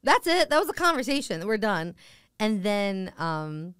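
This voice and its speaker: Smooth-voiced woman telling stories. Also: mid-range voice, measured pace, dry recording, clean studio sound. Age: 30s. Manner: animated, acts out quoted voices. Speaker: comedian guest. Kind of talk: casual podcast storytelling.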